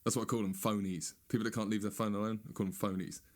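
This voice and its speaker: A man doing a sweary, sarcastic stand-up rant, now and then mocking people in a high whiny voice. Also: little pitch movement, fast talker. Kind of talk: ranting stand-up monologue.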